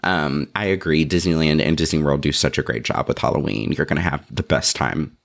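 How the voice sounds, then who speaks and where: A man's voice: very deep voice, a little fast, creaky. A jokey, self-deprecating man co-hosting a podcast in casual chat. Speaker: podcast co-host.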